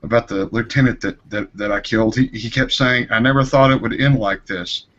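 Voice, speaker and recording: A man voicing a grizzled male emu who is a war veteran, telling war stories in a deadpan, mock-solemn way over a noisy online call. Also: medium pitch, brisk, muffled recording, voice pushed down, lightly acted.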